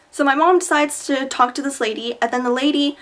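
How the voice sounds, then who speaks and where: A young woman with a high, bright voice tells rambling stories straight to camera. She is chatty and dramatic, piling on fillers and asides. It has the casual feel of a camera-mic vlog. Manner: chatty, exaggerated storytelling with many fillers. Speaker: vlogger.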